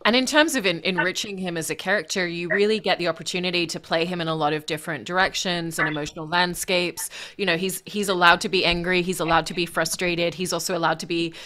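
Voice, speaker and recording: A woman's voice: on the low side, steady tone, fast talker, few pauses, sharp tone. A woman moderating an interview, asking long, flowing, articulate questions.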